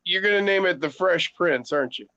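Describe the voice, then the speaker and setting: A man's voice: high-pitched, brisk, sharp tone, no room sound. Joking man reading out chat. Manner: joking, reads chat comments aloud. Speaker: co-host reading viewer chat. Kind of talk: casual livestream chat. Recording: dull lo-fi sound.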